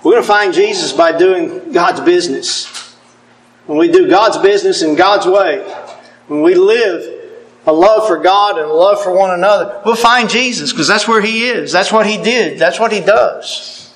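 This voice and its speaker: A middle-aged man preaching a sermon, earnest and deliberate, quoting scripture with emphasis. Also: high-pitched, a bit bright, poor audio.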